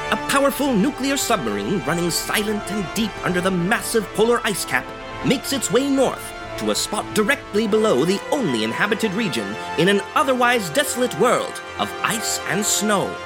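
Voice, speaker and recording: A man's voice: high voice, big pitch swings, normal speed. A man narrating and announcing in a dramatic old-time radio style. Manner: dramatic, theatrical. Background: music.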